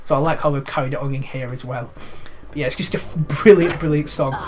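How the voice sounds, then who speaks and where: A man's voice: medium pitch, steady tone, fast talker, slight background noise. A man from England chatting casually as a game streamer, rambling as he plays. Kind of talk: casual live commentary.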